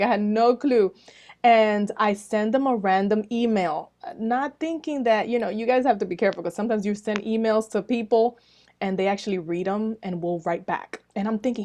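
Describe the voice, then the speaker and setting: A woman's voice: a little high, a little fast, a little mellow. A woman with Latin American roots hosting a podcast, introducing her guest in a bubbly, enthusiastic way and acting out her own reactions. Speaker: podcast host.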